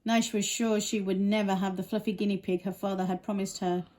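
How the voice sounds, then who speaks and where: A woman's voice: mid-range voice, level tone, quick pace, mellow, poor audio. A woman reading a children's picture book aloud with wry, teasing asides. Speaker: storybook reader.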